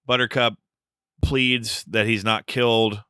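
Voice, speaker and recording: A man's voice: fairly low pitch, flat delivery, slow pace, pushed and bright, smooth, no echo, studio quality. A man co-hosting a podcast, recapping a film plot in a wry, joking way. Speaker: podcast co-host. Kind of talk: casual film discussion.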